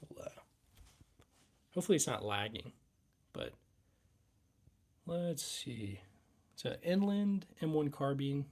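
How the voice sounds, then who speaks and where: A man's voice: fairly high pitch, sing-song, takes it slowly, long pauses, darkish tone. A young man hosting a casual live Q&A stream, rambling and reading chat aloud with lots of fillers. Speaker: livestream host.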